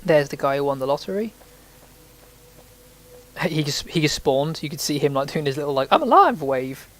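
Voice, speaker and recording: A man's voice: a little high, steady tone, moderate pace. A man giving rambling, casual commentary while playing a video game, sometimes swearing when startled. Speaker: let's play host.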